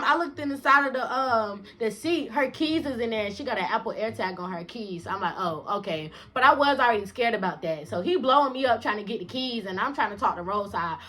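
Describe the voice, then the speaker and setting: A young woman tells a storytime vlog story, cussing freely and sounding exasperated. Her voice sits somewhat high and comes across bright and sharp. She talks casually and animatedly. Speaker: indie rap artist telling a story.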